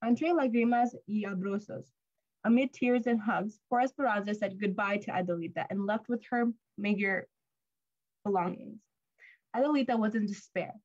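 Woman reading to children, expressive, mid pitch, dull lo-fi sound. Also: normal speed. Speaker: storybook reader.

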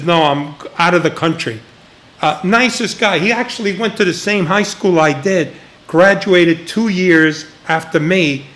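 An older man, a retired agent, telling stories in a casual interview and acting out the voices of the people he quotes, laughing now and then. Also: fairly high pitch. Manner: animated storyteller, acts out quoted voices, laughs often.

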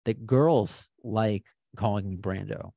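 A man's voice: fairly low pitch, slow pace, vocal fry, mellow, dry recording. A man from Long Island hosting a podcast, chatting with a guest in an enthusiastic, joking way. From Long Island, New York. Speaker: podcast host. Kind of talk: casual podcast chat.

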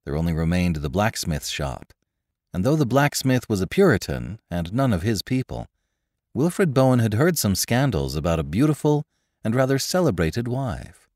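A man giving an expressive scripted audiobook narration of a classic story. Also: on the low side, no echo, studio quality.

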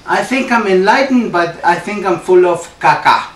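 A man's voice: high-pitched, expressive, moderate pace, a bit bright, slight background noise. A man hosting a comic show, rambling in a playful, mock-earnest way with a put-on Canadian accent. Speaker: comedy show host. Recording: roomy echo, distant mic.

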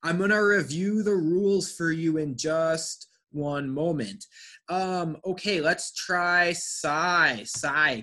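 A man teaching an online English pronunciation class, speaking slowly and carefully and praising students. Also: fairly high pitch, bright, forceful tone. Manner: slow, careful enunciation with encouraging feedback.

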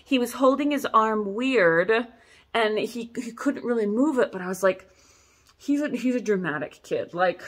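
A corset maker presents her pieces in a relaxed showcase vlog recorded in a tin-roofed workshop. She speaks at a moderate pace in a slightly high voice, chatting animatedly, laughing, and poking fun at herself in asides.

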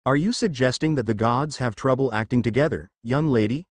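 A man's voice: medium pitch, a little fast, no room sound, close to an everyday voice. A man voicing a bored, sarcastic male god who speaks in a languid, mocking way, in a fantasy story reading. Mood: sardonic.

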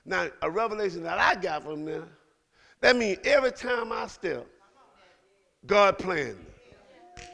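A middle-aged man preaching a sermon to his congregation, building into shouted calls to the church. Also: sits high, sing-song, measured pace, gravelly, pauses often. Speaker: pastor. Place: church sanctuary.

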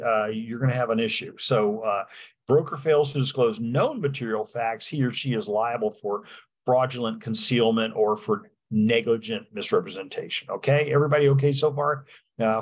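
Guy teaching real estate law, kinda husky, lots of ums and uhs. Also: medium pitch. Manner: halting, many fillers and restarts. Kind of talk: lecture with slides.

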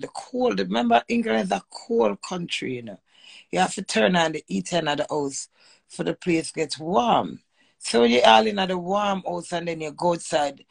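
A woman's voice: mid-range voice, creaky, breathy edge. A middle-aged woman with a Jamaican accent, rambling in a crude, joking way in a casual live-stream chat from home. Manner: rambling, crude and joking, mixes patois with English. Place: home in England.

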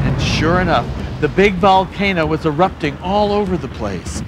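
A man reading his own picture book aloud, animated and expressive. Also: a little high, moderate pace, hardly any pauses, background noise. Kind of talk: storybook read-aloud.

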